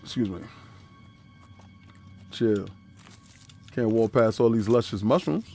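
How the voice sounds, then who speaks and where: A man's voice: fairly low pitch, slow pace, dark tone, soft background music. A man streaming a video game, talking in a casual, slangy, joking way and laughing often. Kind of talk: casual gaming commentary.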